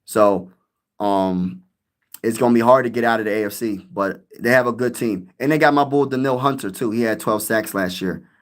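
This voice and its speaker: Chatting with viewers on his sports live stream, a young man rambles excitedly and answers chat using plenty of slang. His voice is on the low side, at a moderate pace.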